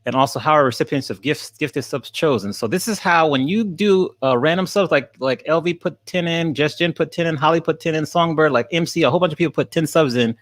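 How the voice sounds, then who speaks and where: A man's voice: fairly high pitch, a little fast, hardly any pauses. A man streaming live, laughing often and thanking viewers by name as he gets through the questions. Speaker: streamer and college teacher.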